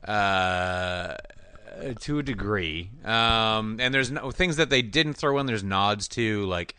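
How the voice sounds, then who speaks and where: Podcast co-host, man, lowish bright voice, blunt and rambling, dry close mic. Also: takes it slowly, clean tone, no room sound. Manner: rambling, restarts, blunt opinions with swearing. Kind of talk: casual chat.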